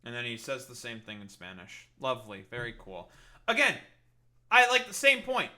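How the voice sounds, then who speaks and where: Male commentator, sarcastic and profane, piercing bright tone. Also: medium pitch, big pitch swings, normal speed, slight background noise. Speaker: political commentator. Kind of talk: ranting reaction commentary.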